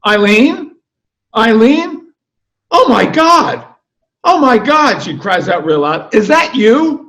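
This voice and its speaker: A man putting on the voices of excitable, gushing society women who shriek the same exclamations over and over. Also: extremely high pitch, slow, pitched above the performer's own voice, exaggerated voice. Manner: squealing, gushing, repetitive exclamations.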